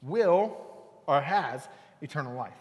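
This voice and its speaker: A man in his thirties preaching a lively sermon, playful and talking straight to the room with bursts of excitement. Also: fairly high pitch, slow pace, long reverb tail. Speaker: youth pastor. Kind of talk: lively sermon to a young crowd. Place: large church hall.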